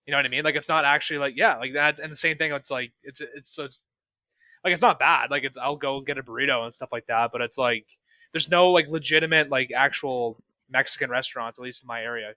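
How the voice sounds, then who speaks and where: A man's voice: mid-range voice, fast talker, bright, forceful tone, dry recording. A man from Southern Ontario, chatting as a podcast guest and rambling with many fillers. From Canada, Southern Ontario. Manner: rambling, heavy use of filler words. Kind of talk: casual podcast chat.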